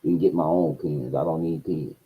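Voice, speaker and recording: A man telling a profane story in a casual rant, his voice swinging between low mutters and loud outbursts. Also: fairly even intonation, normal speed, husky, narrow, tinny audio. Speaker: streamer.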